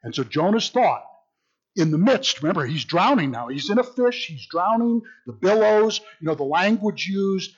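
Animated, husky-voiced male Bible teacher. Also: high-pitched, normal speed. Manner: lively, sardonic, animated. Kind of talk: Bible study lecture. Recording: dull lo-fi recording.

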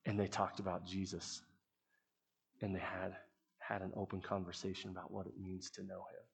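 A man's voice: sits low, little pitch movement, normal speed, creaky, husky. A man who leads a youth ministry, giving an earnest, conversational sermon to the people who support it. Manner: earnest, conversational preaching with restarts.

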